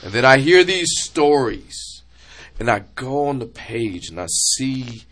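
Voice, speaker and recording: Guy hosting a chat show, bright voice, swears a lot, pitch jumps all over. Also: slow pace. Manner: emotional storytelling, swearing, animated. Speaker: podcast host. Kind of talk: casual chat.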